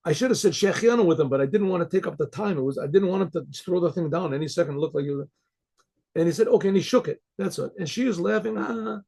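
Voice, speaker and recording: Rabbi telling a story, gravelly and husky, rambling and animated, on a video call mic. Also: male voice, high-pitched, fast. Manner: rambling, animated, full of restarts. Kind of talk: storytelling talk.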